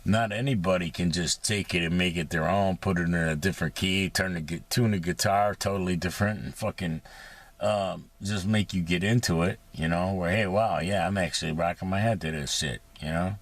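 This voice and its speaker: Deep-voiced rambling, profane man. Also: fairly quick. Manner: profane, sarcastic, rambling with many fillers. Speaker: vlogger. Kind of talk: rambling casual monologue. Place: inside his parked vehicle.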